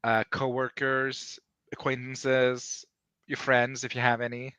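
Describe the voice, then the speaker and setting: A man's voice: medium pitch, monotone, slow, bright, forceful tone, clear, resonant tone, no room sound. A man from Norway co-hosting a livestream, trading playful, teasing jokes in casual banter. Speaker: co-host of a writing sprint stream.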